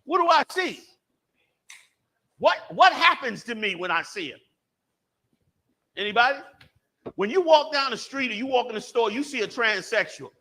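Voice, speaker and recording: A man's voice: very high voice, animated, normal speed, long pauses, pushed and bright. A man teaching a religious class, emphatic and repeating key phrases, questioning the audience and calling on them to answer.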